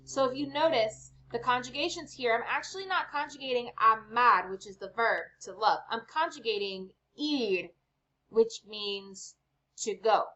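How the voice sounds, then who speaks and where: Slow chatty lady teaching spanish at home, kinda high voice, dull-ish audio. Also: pushed and bright. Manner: upbeat, chatty, says okay often. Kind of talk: online language lesson. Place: home with lawnmower outside.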